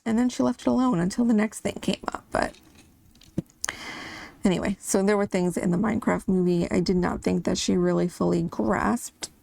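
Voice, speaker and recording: A woman in her thirties talks in a loose, rambling way as she colors, stopping now and then to laugh. Her voice has heavy vocal fry and a mellow, darker tone. It is recorded dry and close, with no room sound. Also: mid-range voice, steady tone, moderate pace, no room sound. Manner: chatty, rambling, laughs often. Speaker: coloring channel host. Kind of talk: casual chat while coloring.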